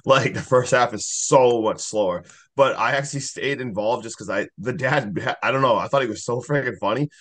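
A man's voice: medium pitch, normal speed, hardly any pauses, fairly bright tone. A man on a podcast video call, chatting casually about a movie, rambling with lots of fillers. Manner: rambling, lots of "like" and "I don't know". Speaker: podcast co-host.

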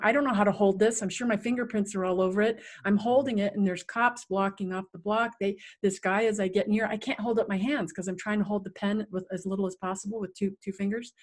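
Middle-aged woman, interview guest; vivid, animated storyteller who acts out sounds and voices, medium pitch. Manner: vivid, animated telling with acted-out sounds and quotes. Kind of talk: personal storytelling in conversation.

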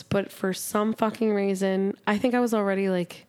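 Young woman, podcast co-host, chatty excited storyteller who swears freely, mid-range voice. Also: mid-range voice, moderate pace, clear, resonant tone. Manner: excited storytelling, heavy "like" filler, frequent swearing. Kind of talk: casual podcast chat. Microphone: studio podcast mic.

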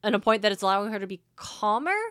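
A woman co-hosting a podcast, chatting about a book in an animated, affirming way. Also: mid-range voice, racing, dry recording, clean studio sound. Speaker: podcast co-host. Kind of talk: casual book discussion.

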